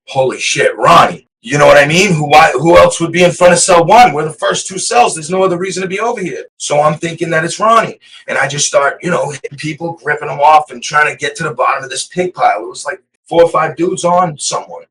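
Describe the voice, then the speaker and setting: A man's voice: a little high, fairly bright tone, recorded from a distance, rough recording. A man from Massachusetts, a podcast guest, telling a prison story in a rambling, profane, casual way. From Massachusetts, USA. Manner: rambling, profane, keeps saying "you know what I mean".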